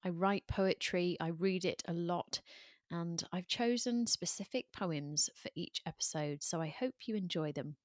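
Slow, soft-spoken woman podcast host. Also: lowish voice, no echo, studio quality. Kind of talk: slow, measured poetry reading.

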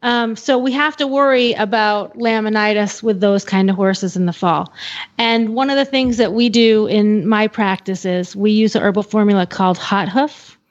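A woman's voice: medium pitch, normal speed, dull audio. A woman co-hosting a casual radio chat, explaining herbal remedies for horses. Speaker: co-host, holistic veterinarian.

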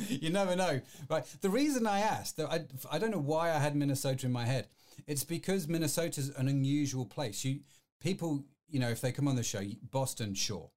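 A man's voice: a little high, moderate pace, a little mellow. A man hosting a live-streamed podcast, chatty and rambling, full of fillers and restarts. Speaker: podcast host.

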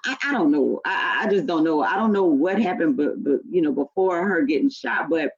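A woman co-hosting a podcast in casual chat, talking in an animated, emphatic way. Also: deep voice, brisk, creaky, dull audio. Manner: animated, emphatic, lots of "you know what I'm saying". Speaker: podcast co-host.

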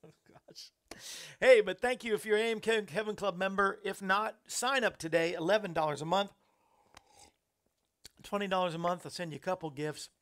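A man's voice: high-pitched, steady tone, normal speed, pauses often, fairly bright tone. A man hosting a talk show, chatting in a rambling way and laughing at his own jokes. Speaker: host.

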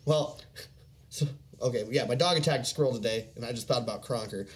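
A man's voice: medium pitch, brisk. A man chatting casually on a podcast, swearing freely, laughing often and acting out other people's lines. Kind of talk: casual chat.

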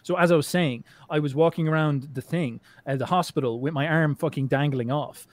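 Casting: quick-talking man, podcast guest, loose, rambling, swears a lot. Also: a little high, dry recording. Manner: rambling, swears often, many restarts and fillers. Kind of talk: casual conversation.

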